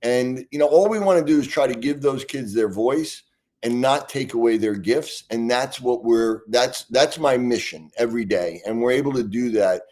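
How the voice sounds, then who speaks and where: A man's voice: medium pitch, normal speed, a little mellow. A man, a guest expert in an interview, speaking earnestly and passionately, often restarting his sentences. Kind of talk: conversational interview answers.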